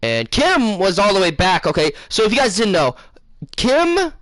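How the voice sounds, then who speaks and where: A man casually telling his viewers a long dream story, rambling, losing his place and filling pauses with um and uh. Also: sits high, huge pitch swings, fairly bright tone, dry recording. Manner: rambling, loses his place, many fillers. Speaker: gaming channel host.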